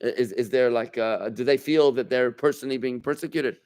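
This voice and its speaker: A man's voice: medium pitch, brisk, darkish tone, smooth. Rabbi guy teaching a small class, chatty, keeps asking the room stuff, restarts his sentences a lot. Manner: conversational, asks the room questions, many restarts. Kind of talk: informal Torah class.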